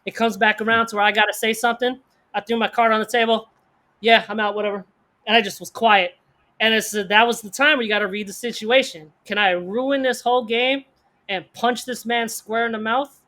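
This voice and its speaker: A man co-hosting a podcast, telling a story in casual slang, animated and acting out the people in it. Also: sits high. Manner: fast bursts of speech, slang-heavy. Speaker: podcast co-host.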